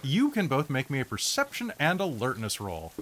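A man running a tabletop role-playing game as game master, narrating in a relaxed, chatty way with frequent fillers. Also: mid-range voice, normal speed.

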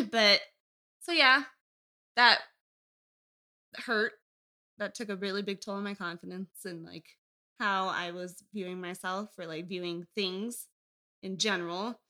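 A woman's voice: mid-range voice, slow, long pauses, sharp tone. A young woman guest on a casual podcast interview, telling her story candidly in a rambling way and laughing often.

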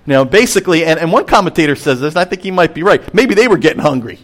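A middle-aged man, a pastor, preaching a sermon with emphatic rises and hushed drops. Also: fairly high pitch, rapid-fire. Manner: expressive, swings between emphatic and hushed.

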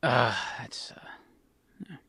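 A man's voice: takes it slowly, sharp tone. A man co-hosting a podcast in casual, wry, playful chat. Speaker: podcast co-host.

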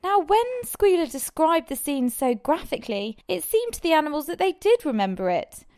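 Woman reading an audiobook, measured. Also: high-pitched, sing-song, a little mellow. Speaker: narrator. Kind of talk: audiobook narration.

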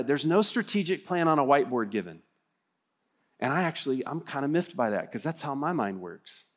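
A man's voice: fairly high pitch, a little fast. A man pastor from Texas preaching a livestreamed sermon in an earnest, conversational way, asking the congregation questions. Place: church, livestream service.

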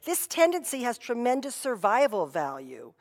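A woman's voice: fairly high pitch, huge pitch swings, normal speed. A woman pastor giving a sermon in a conversational storytelling way, often saying "you know". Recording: long reverb of a hall.

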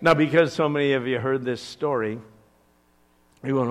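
An older man, a grandfather, preaching a sermon with animated, playful storytelling and asides. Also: a little high, fairly quick, pauses often. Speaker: pastor.

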